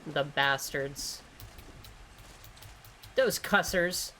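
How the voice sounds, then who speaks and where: A woman's voice: deep voice, drawn-out words, pushed and bright, slight background noise. A woman streamer giving casual gameplay commentary, rambling, joking and swearing freely. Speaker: gaming streamer.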